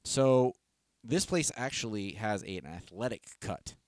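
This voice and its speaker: A man's voice: fairly low pitch, expressive, unhurried, no room sound, studio quality. A man co-hosting a casual comedy podcast, telling long rambling stories with restarts and laughs. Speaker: podcast co-host. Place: podcast studio.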